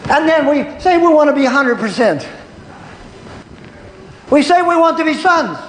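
Male preacher, very high voice, homespun storytelling sermon, roomy hall with faint background noise. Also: expressive, moderate pace, a bit bright. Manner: folksy storytelling with frequent "Hello?" and "Hallelujah" call-outs and chuckles. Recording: echoey hall with long reverb and faint room noise.

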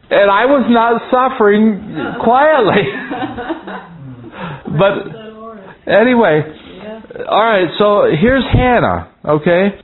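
A man teaching a Bible class, telling a rambling story with frequent chuckles and restarts. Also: sits high. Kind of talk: folksy storytelling sermon. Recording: tinny phone-like sound.

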